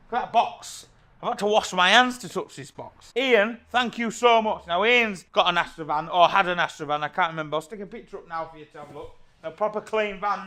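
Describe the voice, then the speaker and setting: Chatty excitable bloke. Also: male voice, sits high. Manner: excitable, rambling and jokey. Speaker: car channel host. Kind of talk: casual chat to camera.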